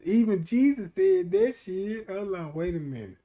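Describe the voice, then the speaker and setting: A man doing a loud comedic livestream rant, animated and profane, laughing often and acting out quotes in different voices. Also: high-pitched, moderate pace. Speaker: streamer.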